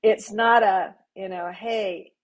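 Gentle, reflective older woman. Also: mid-range voice, low-quality recording. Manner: gentle, reflective, unhurried storytelling. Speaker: panel guest. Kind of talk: live panel conversation.

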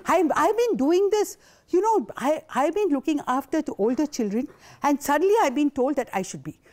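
A woman's voice: sits high, expressive, normal speed, a little mellow. An older woman, giving a passionate, indignant conference talk. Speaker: invited speaker.

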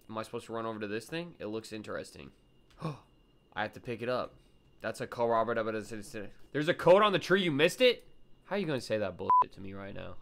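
A young man streaming a horror game, chatting with viewers in slang and yelping and shouting at every scare. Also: mid-range voice, brisk. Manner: excitable, yelps and shouts at scares. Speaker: gaming streamer. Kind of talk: live gameplay commentary to chat.

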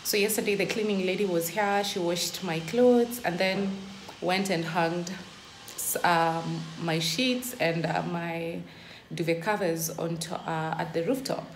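A woman's voice: lowish voice, fairly even intonation, measured pace, soft background music. A young woman vlogging casually at home, ranting in exasperation with lots of emphatic "literally". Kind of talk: casual vlog monologue. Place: indoors at home. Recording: echoey room, faint ambient noise.

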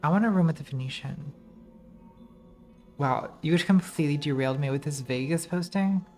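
A woman's voice: low voice, normal speed, darkish tone, faint music behind. A woman streamer giving casual, rambling commentary while playing a game, distracted and swearing as she talks to herself.

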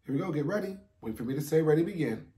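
A man's voice: on the high side, lively intonation, racing, mellow, roomy sound. A man teaching a beginner music theory lesson online, upbeat and encouraging as he counts beats aloud for his students to clap along.

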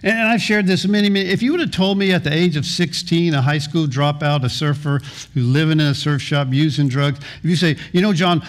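A man's voice: a little high, fairly even intonation, fairly quick. A middle-aged man preaching a sermon as pastor, earnest, often repeating and restarting words.

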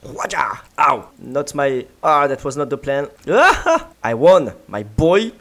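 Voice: medium pitch, expressive, unhurried. A gaming video creator giving playful let's-play commentary, full of yelps, giggles and mouth sound effects.

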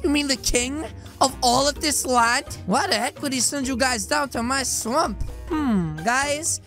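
Excitable high-voiced woman gaming roleplay. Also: a little slow, faint music behind. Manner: excitable, exaggerated, often shouting. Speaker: YouTuber roleplaying an ogre in an online game. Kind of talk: game roleplay with running commentary to viewers.

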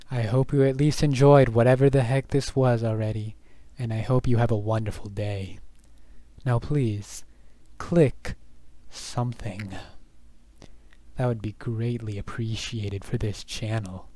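A man hosting his own channel, doing a comedic mock ASMR bit in a soft, whispered voice. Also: medium pitch. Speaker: channel host.

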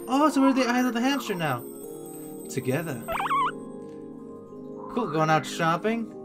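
A host giving casual reaction commentary, letting the pitch swing widely while keeping an unhurried pace. The voice is excitable and quick to exclaim. Background music plays clearly behind.

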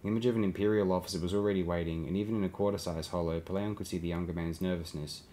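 Deep-voiced male audiobook narrator. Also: fairly even intonation, rapid-fire, mellow, slight background noise. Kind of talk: scripted narration.

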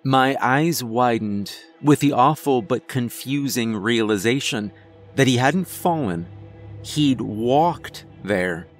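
Man, horror narrator, slow measured delivery, faint background music. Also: mid-range voice, lively intonation. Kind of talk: scripted first-person horror narration.

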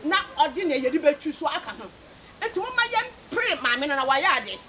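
A woman speaking as spokesperson at a traditional engagement ceremony, announcing the gifts in a lively, playful way. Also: high voice, a little fast. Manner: lively, playful, joking with the crowd. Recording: noisy crowded event hall.

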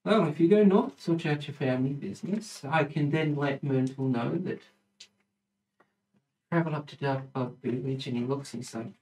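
A man narrating as the dungeon master in a tabletop game, chatty and hesitant, with quick asides. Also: mid-range voice, a little mellow. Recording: roomy room, distant mic, music underneath.

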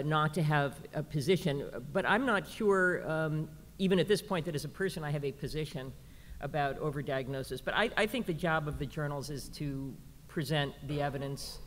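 A woman's voice: low-pitched, a little hiss or hum. A woman, a journal editor on a conference panel, answering thoughtfully and with careful hedges. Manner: thoughtful, hedging. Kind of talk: panel discussion. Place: conference hall. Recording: reverberant conference hall.

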